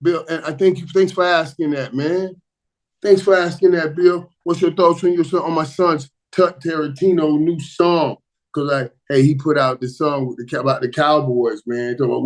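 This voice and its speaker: A man hosting a casual live stream and answering viewer questions, excitable and repeating himself, jumping from loud bursts to low mutters. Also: moderate pace, low-quality recording.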